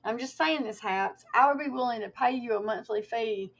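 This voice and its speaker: A woman's voice: fairly high pitch, normal speed, lo-fi sound, slight background noise. A woman livestreaming to her viewers in a casual, rambling way, with many fillers and restarts and some emotion.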